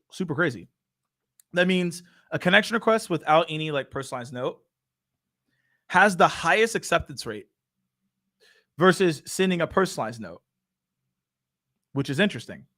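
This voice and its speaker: A young man hosting a live sales Q&A stream, energetic and playful, talking straight to his audience. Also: fairly high pitch. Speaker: show host.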